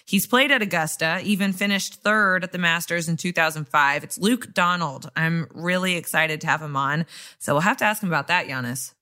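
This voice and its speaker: A woman's voice: on the low side, a little fast, pushed and bright. A woman from the American Midwest hosting a podcast in easygoing casual chat, laughing often. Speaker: podcast host.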